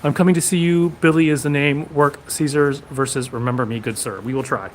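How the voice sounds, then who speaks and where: Brisk man answering shop questions. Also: a little high, fairly even intonation, a little hiss or hum. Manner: brisk, answering questions one after another. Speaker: sword shop host reading live comments. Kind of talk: casual live stream.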